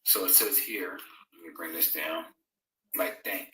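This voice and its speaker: This livestreamed Bible fellowship is led by a man who reads scripture aloud, talks casually, and reads and replies conversationally to viewers' comments. His low voice is steady and sharp, his pace measured, and he's recorded from a distant mic in an echoing room.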